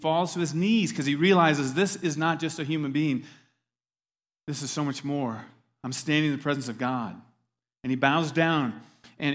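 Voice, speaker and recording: A male pastor preaching in a casual, conversational way with a slightly higher-than-average voice. He speaks emphatically and often turns to ask his listeners questions. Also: a bit bright. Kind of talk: sermon.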